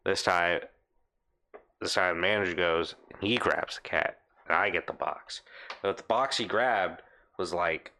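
Lowish-voiced man swearing through a story. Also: measured pace. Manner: animated, laughing often, swearing, acts out quotes. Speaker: storyteller in a casual chat. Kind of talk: casual chat, telling an anecdote.

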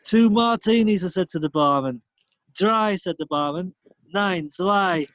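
A man puts on a boozy, rambling pub regular with a northern English accent, reeling off groan-worthy puns. The voice sits high and lifted, and the recording is dry and close. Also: a little slow, fairly bright tone, no echo. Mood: jovial. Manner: rambling, pun-telling, beery banter. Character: chatty pub regular telling bad jokes, man.

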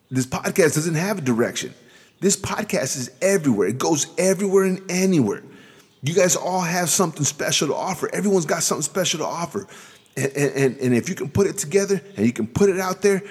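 A man's voice: on the high side, darkish tone, breathy edge, big-room sound. A man hosting his own motivational podcast, talking earnestly with lots of repeated words and restarts. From Southeast San Diego. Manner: earnest, repetitive, stumbling restarts. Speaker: podcast host.

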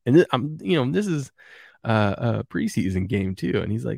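A man's voice: medium pitch, sing-song, normal speed, vocal fry, a little mellow, no echo, studio quality. A man hosting a casual morning sports show, rambling and chuckling as he reads viewer comments. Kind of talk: casual live sports chat.

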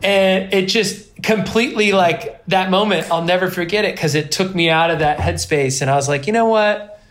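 Man telling stories with animated asides. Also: high voice, moderate pace. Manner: rambling, self-deprecating, animated in quoted asides. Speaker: guest, pro snowboarder. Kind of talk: casual interview storytelling.

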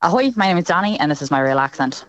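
A woman guest delivering lines in a put-on accent for a guessing game, quick and confident. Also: deep voice, lively intonation, no echo. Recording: dull remote audio line.

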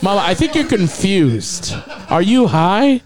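A young man hosting a comedy dating show, loud and teasing. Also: sits high, big pitch swings, a little slow. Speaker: show host.

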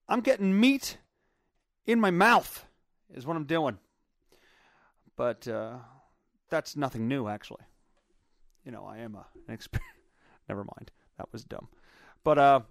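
A man with a fairly high voice rambles through a casual solo podcast from his basement, swearing freely and stumbling over fillers. The sound is dry and close, with almost no room echo. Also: clean tone. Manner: rambling, profane, frequent filler words. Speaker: podcast host. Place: home basement.

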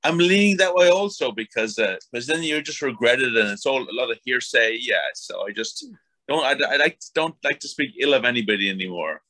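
A man's voice: medium pitch, expressive, a little fast, bright, forceful tone. A man interviewing in a casual chat, mostly giving brief agreeing replies.

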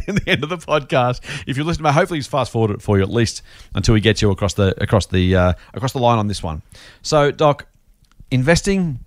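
A man's voice: medium pitch, no room sound, clean studio sound. A man hosting a casual finance podcast, joking and reading listener mail aloud. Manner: jokey, animated, reads listener mail aloud. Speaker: podcast host.

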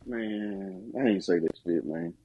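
A man with a husky, slightly breathy voice co-hosting a casual podcast. He riffs crude jokes and laughs often as he talks. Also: low-pitched, fairly even intonation, takes it slowly, warm tone, poor audio. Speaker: podcast co-host. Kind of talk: casual chat.

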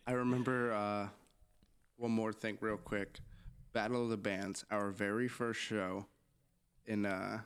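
A man's voice: fairly low pitch, a little slow, pauses often, clean tone. A young man from Southern Maine and band member, joking and laughing as he tells stories in a casual chat. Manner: lively, joking, laughs often.

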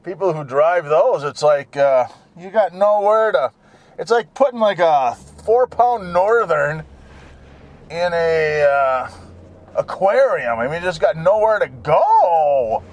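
A man's voice: fairly high pitch, lively intonation, takes it slowly, a little mellow, muffled recording. A man talking on his own while driving, in a jokey, digressive monologue full of fillers. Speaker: solo talker. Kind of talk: rambling casual monologue. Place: inside a car while driving.

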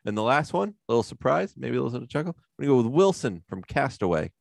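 A man co-hosting a podcast, laid-back and joking, now and then shouting out movie lines. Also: mid-range voice, very animated, fast talker, creaky, dry recording, clean studio sound. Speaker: podcast co-host. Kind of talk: casual chat.

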